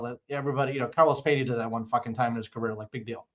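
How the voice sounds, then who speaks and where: His medium-pitched voice races along with hardly a pause as he co-hosts a casual sports podcast. He swears and rants his way through lively stories.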